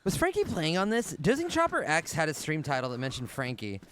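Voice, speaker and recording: A man streaming a game live, thinking out loud and swearing casually as he plays. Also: on the high side, huge pitch swings, brisk, slight background noise. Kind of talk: live gameplay commentary.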